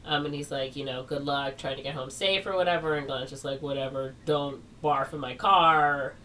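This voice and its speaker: Low-voiced woman, rambling casual retelling. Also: steady tone, normal speed, a bit bright. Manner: rambling, heavy on fillers like "like" and "or whatever". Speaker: podcast co-host. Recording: distant mic with faint background noise.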